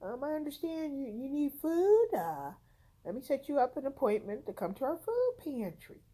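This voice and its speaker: A woman's voice: high-pitched, big pitch swings, moderate pace, dark tone, pitched above the performer's own voice. Woman quoting a helpful Spanish-accented pantry man. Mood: eager. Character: polite male food pantry worker on the phone.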